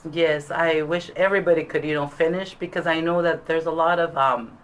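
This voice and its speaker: A woman who graduated from adult school, talking in a casual interview, soft-spoken and hesitant with many fillers. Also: low-pitched, fairly even intonation, fairly quick, poor audio.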